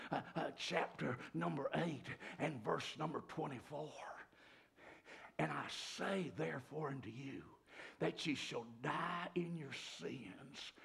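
A male preacher, delivering a sermon that swings from shouts to hushed whispers. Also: fairly high pitch, vocal fry, breathy edge.

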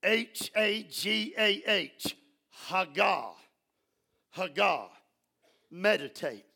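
A man preaching a fervent sermon in a church, often rising into shouts. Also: high-pitched, animated, slow, vocal fry, slightly rough.

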